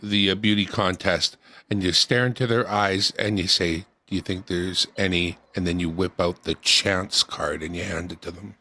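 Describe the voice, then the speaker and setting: A man from Canada, a game panelist, bantering excitably and joking with the others. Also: low-pitched, normal speed. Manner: excitable, jokey. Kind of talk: casual banter.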